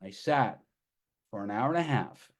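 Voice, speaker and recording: A man giving a live presentation to an audience, telling stories with enthusiastic, animated energy. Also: mid-range voice, moderate pace.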